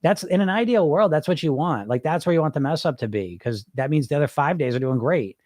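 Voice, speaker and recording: A man's voice: a little high, expressive, quick pace, a little mellow, no room sound, studio quality. A man hosting a live podcast, talking bluntly and emphatically to his listeners, repeating points for effect. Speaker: podcast host. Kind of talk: live-stream chat reading comments.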